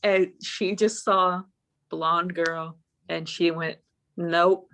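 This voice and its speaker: On an online voice call, a young woman with a low voice and vocal fry takes her time telling a story as a guest in casual chat. She's animated, swears often, and acts out the lines she said back then.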